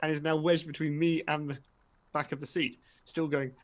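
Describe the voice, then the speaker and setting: A man telling a relaxed story during a casual chat from home over a video call. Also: fairly high pitch, normal speed.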